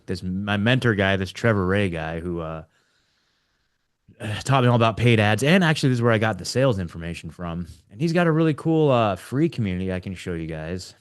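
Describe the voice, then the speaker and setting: A man's voice: lowish voice, expressive, a little fast. Rambling casual man hosting a chat. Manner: rambling, laughing, restarts a lot; says like and dude often. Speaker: podcast host.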